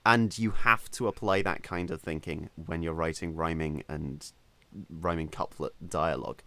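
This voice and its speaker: A man's voice: rumbling low, steady tone, normal speed, bright, forceful tone, dry recording. A man co-hosting a casual podcast about writing, giving firm opinions and explaining with emphasis. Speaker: podcast co-host.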